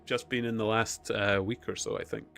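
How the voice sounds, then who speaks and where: A man's voice: fairly low pitch, little pitch movement, moderate pace, creaky, a bit bright, faint music behind. A man hosting a live stream, chatting casually in a rambling way with lots of fillers and chuckles. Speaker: streamer host.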